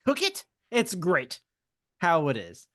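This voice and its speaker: A man voicing an angry, shrill male creature who loves raw meat and curses indignantly. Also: wildly swooping pitch, takes it slowly, dry recording, studio quality, exaggerated voice.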